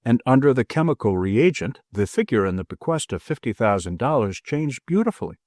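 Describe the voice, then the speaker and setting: A man narrating an audiobook in expressive storytelling style. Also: mid-range voice, fairly quick, no room sound, studio quality. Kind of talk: scripted narration.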